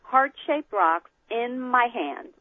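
A woman guest telling an animated personal story, acting out quoted lines, over a call. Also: on the high side, slow pace, dry recording. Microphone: phone call. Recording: tinny phone line.

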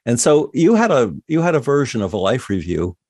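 A man hosting an interview, asking questions in a measured, reflective way. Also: medium pitch, sing-song, darkish tone, dry recording. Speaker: interviewer host.

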